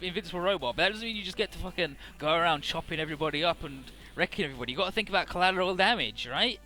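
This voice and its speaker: A man's voice: a little high, racing, sharp tone. A man doing a laid-back lecturing young pilot. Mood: scolding.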